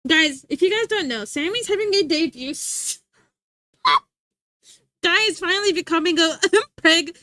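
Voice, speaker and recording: A woman's voice: very high-pitched, lively intonation, measured pace, pauses often, pushed and bright, no room sound. A woman livestreamer chatting casually with her viewers, giggly and full of filler words.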